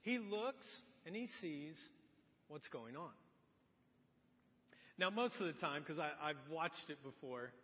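A man's voice: a little high, expressive, slow, long pauses. A man preaching a sermon as pastor, telling stories in an earnest, conversational way. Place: church sanctuary. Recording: dull sound in a large reverberant hall.

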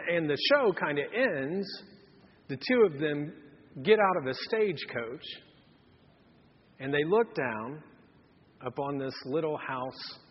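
Male pastor, 30s, high and breathy, folksy sermon storyteller, muffled long-reverb hall. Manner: folksy storytelling with quoted voices. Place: church hall. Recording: dull, reverberant church hall.

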